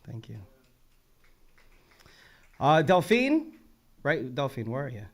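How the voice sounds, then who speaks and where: A young man hosting a live poetry open mic, enthusiastically reading back lines and thanking each poet, swinging between soft murmurs and loud shout-outs. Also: medium pitch, very animated, takes it slowly. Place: poetry venue on a stage with an audience.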